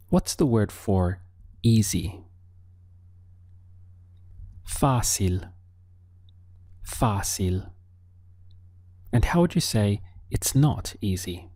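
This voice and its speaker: Calm, deep-voiced man teaching slowly. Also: no room sound. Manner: calm, patient, models words slowly for repetition. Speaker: language teacher. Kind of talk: slow, deliberate spoken lesson.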